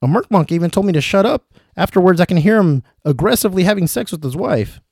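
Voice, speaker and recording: A man voicing a fussy, excitable male physicist wizard who speaks formally in a high, strained voice. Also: fast, creaky, husky, no echo, clean studio sound, full character voice. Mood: formal, eager.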